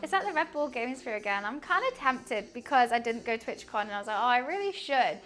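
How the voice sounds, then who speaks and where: Young British woman, live streamer; high voice, loose and chatty, curses casually while cooking. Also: fast talker, fairly bright tone. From United Kingdom. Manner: chatty, laughs often, swears casually.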